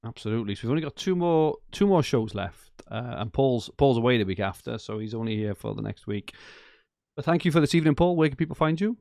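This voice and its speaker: A man's voice: medium pitch, expressive, fast, creaky, darkish tone, no echo, clean studio sound. A man hosting a podcast, chatting casually and enthusiastically, rambling and laughing often. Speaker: podcast host. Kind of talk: casual chat.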